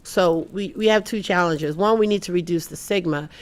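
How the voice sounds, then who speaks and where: A woman's voice: lowish voice, moderate pace. A woman speaking on a panel about mental health. She talks earnestly, restarts often, and animates the people she quotes. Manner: earnest, acts out quoted people in lively voices. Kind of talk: panel talk.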